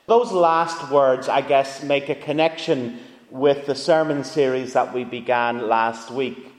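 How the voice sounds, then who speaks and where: Male pastor; chatty, engaging preacher who asks his congregation questions; recorded with long church reverb. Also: medium pitch. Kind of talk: sermon. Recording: echoey church hall reverb.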